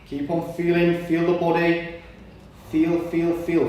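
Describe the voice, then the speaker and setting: Male movement coach, encouraging and steady, recorded far off in a reverberant room with faint background noise. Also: a little high, takes it slowly. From Britain. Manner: encouraging, breathing audibly between cues. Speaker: somatic exercise instructor. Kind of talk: guided exercise instruction.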